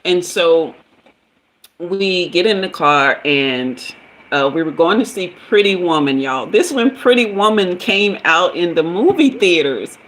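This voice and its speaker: A woman hosting a live stream, telling a personal story in a casual, chatty way, with many fillers, talking straight to her viewers and jumping up high when she gets excited. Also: a little slow, poor audio. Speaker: livestream host and spiritual reader.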